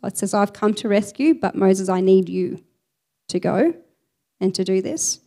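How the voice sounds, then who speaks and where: Woman preacher, expressive sermon delivery, medium pitch. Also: measured pace. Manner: expressive, reads scripture aloud with emphasis.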